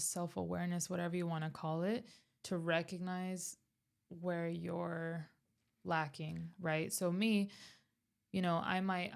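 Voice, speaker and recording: A woman's voice: lowish voice, gravelly. A young woman co-hosting a podcast with her father, speaking candidly in casual conversation and questioning her own habits. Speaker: podcast co-host, daughter.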